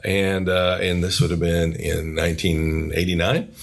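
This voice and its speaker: A deep-voiced man in his fifties, originally from Minnesota, is a guest in a sit-down interview. He tells his career story with eager enthusiasm and often doubles back to repeat a word or phrase mid-sentence. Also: flat delivery, measured pace, gravelly. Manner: eager storyteller who repeats words as he goes. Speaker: guest, aerospace engineer.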